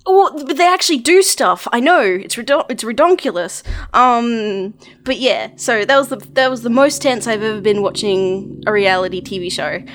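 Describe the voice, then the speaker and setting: A young woman co-hosting a casual podcast chat, animated and full of laughs and fillers as she recaps. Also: a little high, moderate pace. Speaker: podcast co-host.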